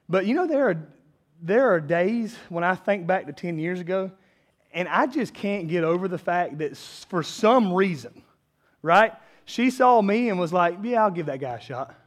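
A man in his thirties preaching a sermon as a pastor, conversational and self-deprecating, building to emphatic peaks. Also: high voice.

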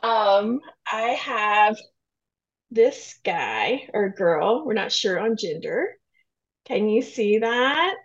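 A woman's voice: mid-range voice, big pitch swings, drawn-out words, highs cut off. A middle-aged woman from Kentucky with a Southern accent, chatting as a guest author on a podcast and laughing often. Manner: laughs often, self-deprecating. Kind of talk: casual podcast chat.

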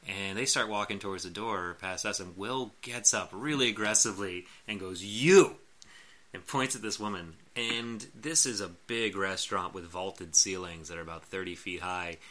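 A man's voice: low voice, pushed and bright. A man in his late thirties telling a long rambling story in casual chat, laughing often and acting out what people said. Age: late 30s.

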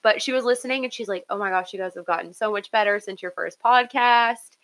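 A woman co-hosting a podcast, chatting casually in an excitable, giggly way. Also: medium pitch, fast talker, rough recording. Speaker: podcast co-host.

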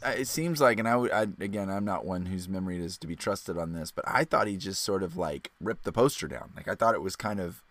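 A man's voice: deep voice, quick pace, few pauses, fairly bright tone, no room sound. A man co-hosting a movie podcast, hedging his points and teasing his co-hosts. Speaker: podcast co-host. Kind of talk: casual chat about a movie.

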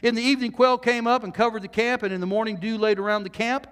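High-voiced male pastor preaching in a sanctuary with long reverb. Animated, jokey, moves from loud to hushed. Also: fast talker, clear, resonant tone. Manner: jokey asides to the congregation. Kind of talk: sermon. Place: church sanctuary.

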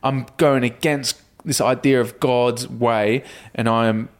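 A man's voice: medium pitch, steady tone, measured pace. A man in casual podcast chat, talking reflectively and swearing casually.

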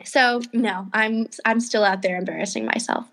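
A woman's voice: mid-range voice, moderate pace, fairly bright tone. A young woman co-hosting a casual podcast, telling stories with animation and acting out her own lines. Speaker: podcast co-host. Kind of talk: casual chat.

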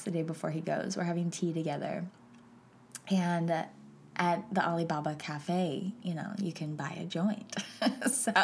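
A young adult woman hosting a podcast, telling a personal story in a soft, chatty way with many fillers and frequent hushed whispers. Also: on the low side, slight background noise. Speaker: podcast host.

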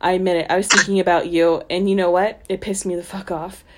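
A woman co-hosting a podcast gives a mocking, dramatic reading of a trashy novel, adding sarcastic, giggly commentary. She talks fast in a lowish, flat voice over background noise.

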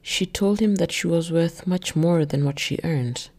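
A woman narrating her own written story in a measured, low-key way. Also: darkish tone. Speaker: narrator and author.

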